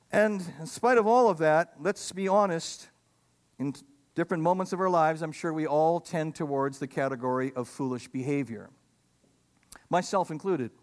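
High-voiced animated male preacher. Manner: animated preaching with sudden loud emphatic lines and humorous asides. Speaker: pastor. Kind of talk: sermon.

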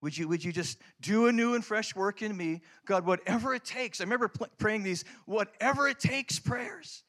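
A middle-aged pastor with a notably high voice delivers a storytelling sermon. He swings between loud, emphatic lines and hushed, prayerful passages. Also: moderate pace.

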